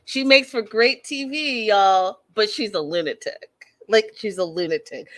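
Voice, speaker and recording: A woman's voice: mid-range voice, unhurried. A woman in her thirties hosting a casual show recap, blunt and opinionated, talking straight to her listeners. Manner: animated, blunt and opinionated, addresses listeners as y'all. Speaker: podcast host recapping a reality show.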